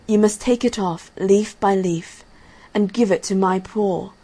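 A woman reading a fairy tale aloud in a gentle, measured way, giving the characters' lines softly. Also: medium pitch, breathy edge, low-quality recording. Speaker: storyteller. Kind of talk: storybook reading.

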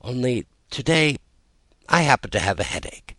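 A man voicing a quarrelsome storybook twin brother who is given to loud, contemptuous tantrums. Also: mid-range voice, very animated, moderate pace, no room sound, voice pushed up. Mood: grave. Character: quarrelsome fat little boy-twin, prone to tantrums.

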